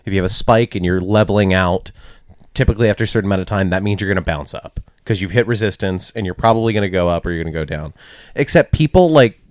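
Deep-voiced man ranting profanely. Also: fast, dry recording, studio quality. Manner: profane, blunt, exasperated ranting. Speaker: podcast co-host with a crypto segment. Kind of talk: casual ranting chat.

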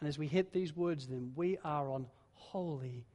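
A man preaching a sermon with dramatic delivery that builds in force and then sinks low and soft. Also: moderate pace, hardly any pauses. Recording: long reverb of a large hall.

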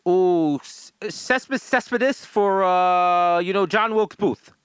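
An eager call-in fan on a sports talk show, played by a man, high-pitched and bright with a smooth tone. He halts and restarts as he pitches his idea. The sound is dry and close. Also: dry recording. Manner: halting, pitching a trade. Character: eager male sports-radio caller.

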